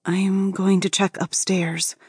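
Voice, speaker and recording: A shaken young woman realtor talks in a pinched, wobbly voice, as a woman narrator reads her lines. She sits a little higher than an ordinary woman's voice. The sound is dry and close. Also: level tone, slow pace, darkish tone, breathy edge, no echo. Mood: frightened. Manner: shaky, tense.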